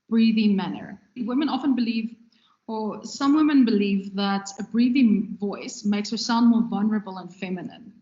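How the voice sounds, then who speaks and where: A woman's voice: on the high side, a little mellow. A woman giving a conversational recorded lecture on radio production, talking with her hands as she goes. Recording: echoey room, dull lo-fi sound.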